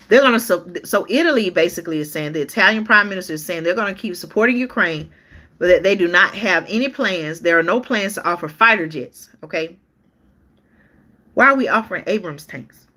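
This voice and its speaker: A woman's voice: on the low side, bright, forceful tone. A woman hosting a live-stream news show, reading articles aloud in a chatty way and talking straight to her viewers, often stopping to restart or look things up.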